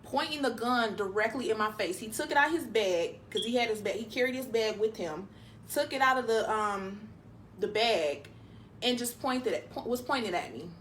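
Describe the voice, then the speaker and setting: Young woman rambling thru a storytime mukbang, lots of "like", kinda high voice. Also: expressive, normal speed, a bit bright, slight background noise. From Detroit, USA. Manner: chatty, loose, full of "like" fillers. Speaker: mukbang vlogger. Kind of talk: casual storytime chat while eating.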